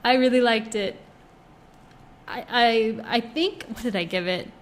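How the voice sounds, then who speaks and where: A woman's voice: on the high side, measured pace. A young woman in casual chat reviewing books, gushing and chatty, with many fillers. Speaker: book vlogger.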